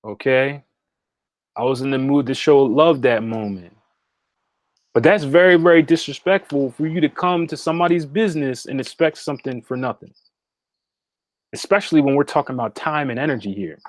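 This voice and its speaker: This spiritual consultant, a man, hosts an easygoing livestream from the meditation room in his house and speaks directly to the people watching. His mid-range voice moves at a normal speed on a dry recording, and he's repetitive, often asking "okay?"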